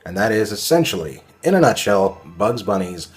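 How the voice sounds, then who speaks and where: A man's voice: fairly low pitch, very animated, normal speed, soft background music. A man reviewing cartoons in a casual, rambling way, full of fillers and sarcastic asides.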